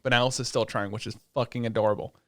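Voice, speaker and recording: A man's voice: mid-range voice, fast talker, dry recording. Loose, profane man recapping anime. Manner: loose, profane retelling with lots of fillers; animated storytelling that acts out quoted lines. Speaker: podcast co-host. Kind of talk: casual chat.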